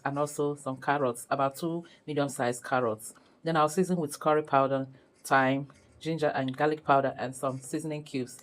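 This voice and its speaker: A woman's voice: low voice, poor audio. A woman hosting a home cooking tutorial. She talks viewers through each step in a chatty way and laughs often. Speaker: cooking channel host. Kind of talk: casual cooking tutorial narration.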